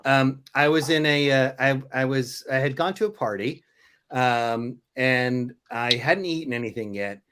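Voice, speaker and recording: A man's voice: mid-range voice, measured pace, fairly bright tone, slight background noise. A man in casual podcast chat, telling a story and acting out the voices he quotes. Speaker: podcast co-host. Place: lives in Korea.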